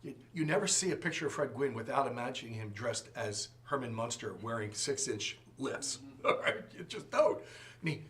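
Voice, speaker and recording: A man teaching a Sunday school class, animated and joking, acting out quotes as he goes. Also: medium pitch, normal speed. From from outside the region. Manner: animated, jokes and acts out quotes.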